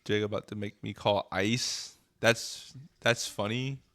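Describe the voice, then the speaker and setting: A man's voice: lowish voice, fairly even intonation, slow pace, bright, forceful tone. A male streamer doing music reaction commentary, blunt, profane and mocking.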